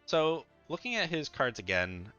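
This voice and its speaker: Bright-voiced casual gaming commentator, man. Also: a little high, sing-song, moderate pace, clear, resonant tone, highs cut off, faint music behind. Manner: chatty, loose, thinks aloud with fillers and restarts. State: sleepy, yawning. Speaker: gaming content creator. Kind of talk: casual tier-list commentary.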